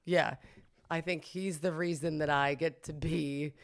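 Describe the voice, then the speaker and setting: Middle-aged woman, animated storyteller, slightly low voice, laughs a lot, mimics people. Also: a little slow. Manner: animated, laughs often, self-mocking, acts out quoted voices. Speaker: podcast guest, boutique owner. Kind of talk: lively anecdotal storytelling.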